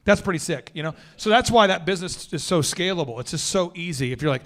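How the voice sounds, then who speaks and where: A male podcast host with a notably high voice talks in a casual, slangy way. He is energetic and animated and leans hard into his storytelling. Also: fast, few pauses.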